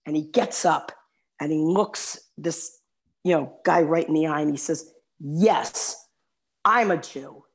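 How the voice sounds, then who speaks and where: A woman's voice: low-pitched, fairly even intonation, normal speed, a little mellow, husky. A woman chatting casually as a guest, rambling through stories and laughing easily. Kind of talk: casual chat and joke telling.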